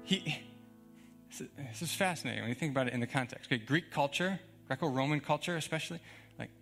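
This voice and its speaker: A man's voice: fairly high pitch, fast talker, vocal fry, a bit bright, faint music behind. A young man preaching a sermon as a pastor, talking in a conversational, emphatic way with frequent chuckles.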